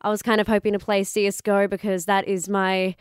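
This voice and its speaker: A woman's voice: medium pitch, level tone, fast talker, clear, resonant tone, dry recording, studio quality. Sniffly chatty woman. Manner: chatty, giggly, lots of "like". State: congested, sniffly from a cold. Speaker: gaming streamer, podcast co-host. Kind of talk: casual chat.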